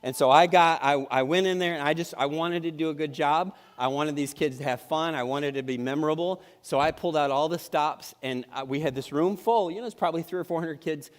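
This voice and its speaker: A man's voice: fairly high pitch, brisk, few pauses. A middle-aged male pastor preaching a sermon in a church sanctuary, in a conversational and humorous way with frequent restarts. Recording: long reverb in a church hall.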